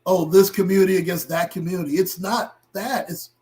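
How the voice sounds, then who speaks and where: A middle-aged man hosting a livestream and talking to his chat, impassioned and blunt, with profanity that builds into shouting. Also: high-pitched, steady tone, a little fast. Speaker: livestream host.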